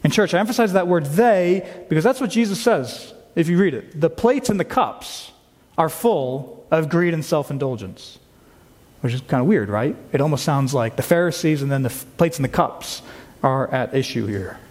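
A man's voice: fairly high pitch, lively intonation, normal speed, a little mellow. A male pastor preaching a sermon, earnest and emphatic, asking rhetorical questions as he explains a passage. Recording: long hall reverb.

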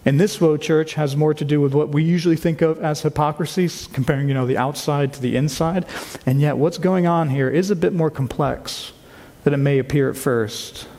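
A man's voice: a little high, moderate pace, warm tone. A male pastor preaching a sermon, earnest and emphatic, asking rhetorical questions as he explains a passage. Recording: long hall reverb.

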